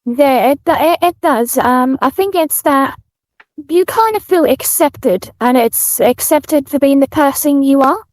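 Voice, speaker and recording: A British woman with a high, light voice talks gently in a relaxed interview. She drifts through "um"s and restarts as she thinks aloud. The close mic leaves her sound dry and near. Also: unhurried, no echo. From United Kingdom. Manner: soft-spoken, many fillers and restarts. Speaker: guest streamer. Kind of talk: casual interview chat.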